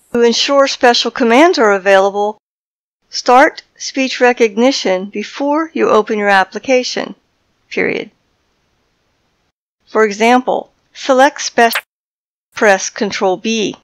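A woman presenting a software tutorial, dictating voice commands in a clipped, deliberate way into a headset microphone. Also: fairly high pitch, no room sound, rough recording.

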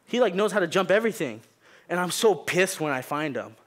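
Young man, church sermon, casual, joking, filler-heavy, raised pitch. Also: lively intonation, brisk. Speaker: youth preacher, pastor's kid. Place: church sanctuary.

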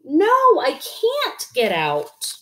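A woman's voice: huge pitch swings, sharp tone, exaggerated voice. A woman voicing a small, stubborn boy frog who whines, in a storybook read-aloud. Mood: whiny. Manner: whiny, squeaky, drawn-out.

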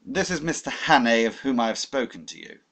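A man voicing a stiff, formal older government official, a little above his own pitch. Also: lively intonation, a little fast, a bit bright.

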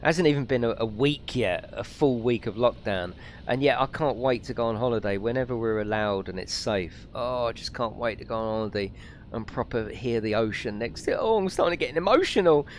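A man chatting through a live gaming stream, excitable and talkative. His voice swings widely up and down in pitch as he reacts, and faint game sounds sit quietly behind him. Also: fairly quick, a little hiss or hum. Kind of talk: live let's-play commentary, chatting with viewers.

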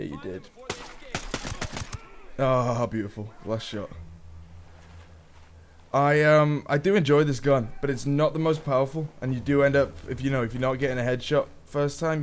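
A young man, a gaming YouTuber, chatting casually through gameplay with quick surprised exclamations. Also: medium pitch. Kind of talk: live gameplay commentary.

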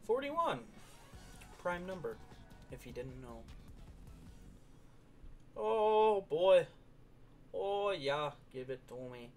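A man's voice: high voice, very animated, very slow, long pauses, a little mellow, soft background music. Playful young man streaming a game. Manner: playful, sings along, jumps into goofy voices. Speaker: gaming streamer. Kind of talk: casual gameplay commentary with singing.

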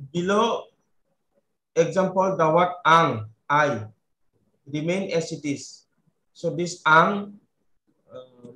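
A man giving a linguistics paper at an academic conference, reading his slides haltingly with pauses and fillers. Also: fairly high pitch, reverberant, rough recording. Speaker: conference presenter. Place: online conference, home or office.

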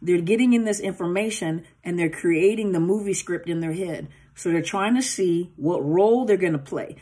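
A woman coach teaching in a relaxed, chatty way, her voice sitting a touch low with a husky grain. She keeps breaking into short acted-out dialogues and leans on "you know" as she talks. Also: normal speed. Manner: conversational, acts out dialogue with filler-heavy asides. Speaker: coach on narcissistic abuse. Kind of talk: casual teaching talk.

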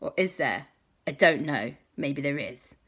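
A woman's voice: sits low, expressive, a little slow, fairly bright tone, husky. A woman hosting a children's show, improvising a bedtime story with chatty, playful asides to the listeners.

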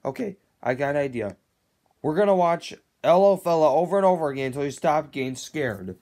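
A man's voice: on the high side, lively intonation, a little fast, a little mellow, no echo. A man voicing a teasing, bossy young friend in a fan-made plush comedy. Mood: pushy. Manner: teasing, pushy.

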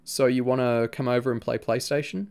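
A man's voice: medium pitch, steady tone, fairly quick, creaky, a little mellow, clean tone, natural voice. A man voicing a defensive, troubled young boy who sulks and pleads with his friend. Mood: pleading. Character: defensive troubled twelve-year-old boy.

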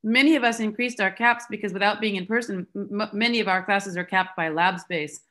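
A biology instructor speaking frankly in a staff meeting over a video call. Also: female voice, mid-range voice, steady tone, fairly quick, a bit bright. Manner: frank, conversational. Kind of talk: online staff meeting discussion.

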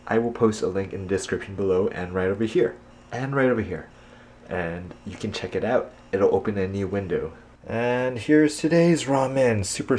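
A man's voice: on the low side, background noise. A young man in his twenties filming a casual daily vlog at home, chatty and laughing often as he talks to his camera. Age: 20s. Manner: chatty, laughs often, asks quick questions. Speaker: vlogger. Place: home kitchen, indoors.

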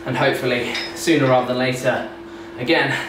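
Between sets in the garage gym at his home, a young man who vlogs about fitness rambles casually, frequently correcting himself. He talks fairly quickly in a mid-range voice with a steady tone, and the echoey space carries loud background noise.

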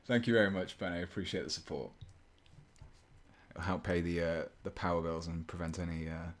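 While painting during a live stream, a man chats in a low-pitched, steady voice at normal speed, leaving long pauses. He rambles playfully, thinks aloud, and pokes fun at himself.

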